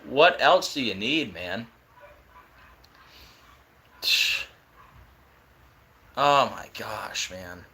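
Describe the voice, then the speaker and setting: Young male streamer, bright edgy voice, casual and excitable. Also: lowish voice. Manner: excited, disbelieving, fast-talking. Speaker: live stream host. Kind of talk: casual live stream talk.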